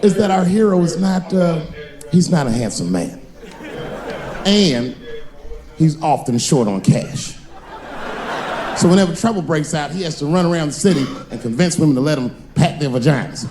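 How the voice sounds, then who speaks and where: A man doing a stand-up comedy set on stage, telling stories with animated delivery and voices that jump high for the characters. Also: normal speed, pauses often, a crowd in the background, background noise. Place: comedy stage before a live audience.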